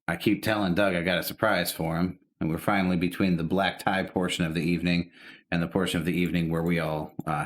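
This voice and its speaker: A man co-hosting a podcast, telling rambling, profane stories in casual chat. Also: deep voice. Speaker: podcast co-host.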